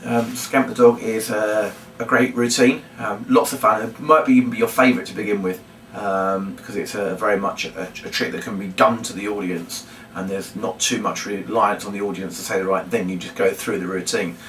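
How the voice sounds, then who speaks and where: A man teaches a children's puppet routine. He hesitates with many ums and breaks into loud, high calls to demonstrate. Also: fairly even intonation, fairly quick. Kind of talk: instructional demonstration. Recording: roomy, distant mic, faint room noise.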